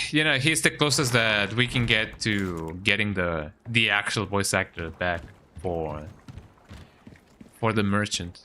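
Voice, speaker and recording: Rambling and playful, this Spanish-speaking man streams a game in casual chat, tacking "eh?" onto his lines again and again and slipping into silly sing-song moments. His lowish voice has a sharp tone, and there is slight background noise.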